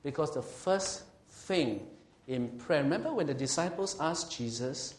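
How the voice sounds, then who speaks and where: A male pastor preaching an emphatic sermon. He slows and swells on scripture and asks the congregation questions. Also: on the high side, animated. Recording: roomy hall echo.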